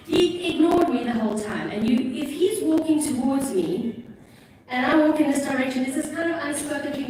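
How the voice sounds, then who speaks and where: A woman with an Irish accent, a guest preacher giving a sermon in a church, telling a story in a chatty, animated way with self-mocking asides. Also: high-pitched. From Ireland. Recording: echoey church from a distance, faint noise.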